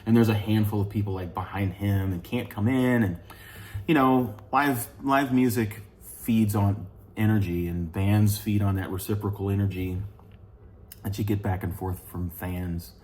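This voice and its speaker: A man's voice: lowish voice, a little mellow, a little hiss or hum. A man from St. Louis, Missouri, telling a long casual story about his band, rambling with many fillers, asides and the odd curse word. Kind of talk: casual spoken recollection.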